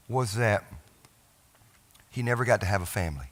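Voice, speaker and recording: A middle-aged man, a pastor telling a personal family story in a sermon, with halting restarts and phrases that trail off softly. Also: fairly low pitch, lively intonation. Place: church sanctuary.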